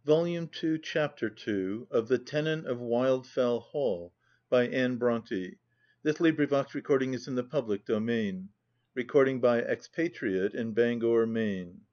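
A man narrating a classic novel in a measured, formal audiobook reading. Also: mid-range voice, muffled recording. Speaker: audiobook reader.

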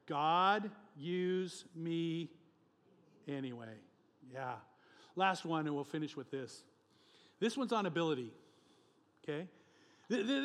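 A male pastor preaching a sermon with emphatic, animated delivery, often chuckling between points. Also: high voice, unhurried, long pauses, in a large hall.

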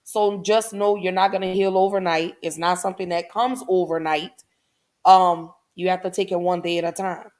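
A woman hosting her podcast, talking warmly and encouragingly to her listeners in a casual, heartfelt way. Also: fairly low pitch, level tone, moderate pace. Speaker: podcast host. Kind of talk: casual affirming talk to listeners.

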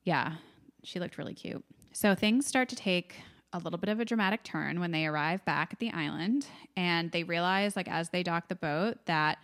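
A woman with a slightly low voice talks through a film plot in easy, casual podcast chat. She leans on "like" and slips into quick impressions of the characters as she goes. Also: a bit bright. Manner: chatty, full of "like", acts out lines from the film. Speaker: podcast co-host.

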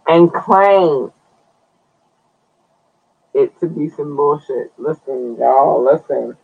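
Man, podcast host, slow drawn-out talk, casual cursing, dull lo-fi audio. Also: on the high side, creaky, slightly rough. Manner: loose, chatty, talks to viewers, curses, stretches words. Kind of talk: casual live-stream news commentary.

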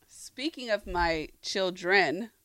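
Playful, animated female radio co-host. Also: lowish voice, takes it slowly, dry recording, low-quality recording. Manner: laughs often, playful and self-mocking. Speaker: mother. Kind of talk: casual radio banter.

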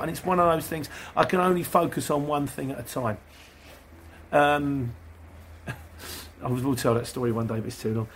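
Answering viewers in a casual vlog, a man who drives a delivery van rambles on and plays out conversations with customers. His voice sits on the high side and is a bit bright, with a little hiss or hum.

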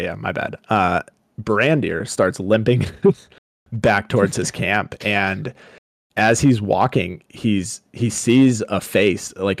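A young man from Colorado, co-hosting a podcast, casually retelling a story and paraphrasing the characters in quick asides. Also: lowish voice, vocal fry, no room sound, clean studio sound. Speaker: podcast co-host.

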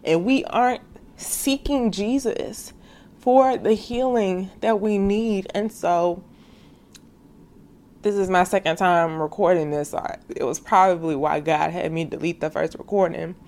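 A woman's voice: on the low side, measured pace, darkish tone. Young woman, faith podcast host, earnest and casual direct address. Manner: earnest, heartfelt, calls listeners sis; casual slangy speech.

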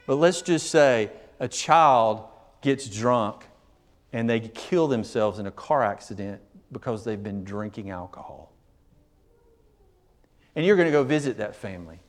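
Guy preaching, chatty then loud and pushy, mid-pitched voice. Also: lively intonation, measured pace. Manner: conversational, swings from quiet to emphatic. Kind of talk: sermon.

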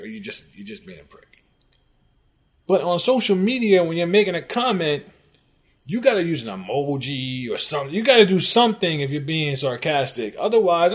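A man hosting a sports commentary show, ranting in an exasperated, sarcastic way at fan comments and rising to loud outbursts. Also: a little high. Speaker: sports podcast host.

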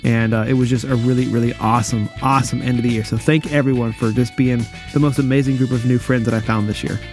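A man's voice: mid-range voice, fairly even intonation, quick pace, faint music behind. Laughing, upbeat podcast co-host man. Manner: warm-hearted, laughs often. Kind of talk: casual chat.

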